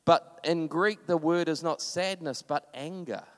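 A man's voice: on the high side, a little slow, fairly bright tone, in a large hall. A man preaching a sermon in a conversational, impassioned way, with sudden emphatic bursts.

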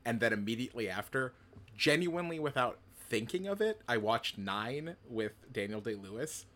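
A man's voice: mid-range voice, very animated, normal speed, fairly bright tone. A man co-hosting a podcast, telling long stories in casual chat with many fillers and restarts. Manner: rambling, filler-heavy storytelling. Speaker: podcast co-host.

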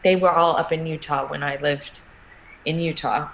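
A middle-aged woman, a guest in an interview, telling a personal story in a halting, emotional way with many restarts. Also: sits low, fairly even intonation, slight background noise, low-quality recording.

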